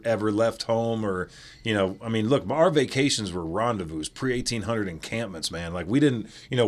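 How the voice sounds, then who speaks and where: A man in his forties from the American Midwest, an animated and chatty storyteller telling stories as an interview guest. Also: on the low side. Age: 40s. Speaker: former football player, interview guest. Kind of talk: casual interview.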